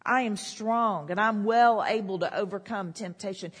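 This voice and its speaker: A woman's voice: medium pitch, normal speed, husky. A woman preaching a sermon, repeating declarations with rising emphasis. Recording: long hall reverb.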